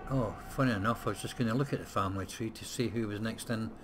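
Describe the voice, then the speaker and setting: A man's voice: on the low side, fast, noisy background. A man hosting a casual let's-play, thinking aloud as he plays, with frequent hesitations and the odd blunt swear word. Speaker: gameplay host.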